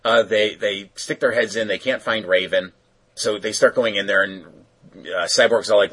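Husky man casually recapping a story. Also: lowish voice, fairly even intonation, normal speed, a bit bright, rough recording. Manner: rambling, filler-heavy storytelling.

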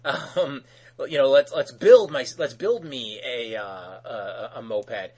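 A man's voice: medium pitch, takes it slowly, darkish tone, breathy edge. A man voicing a whiny teenage boy superhero who pleads and rambles while retelling a cartoon. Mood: pleading.

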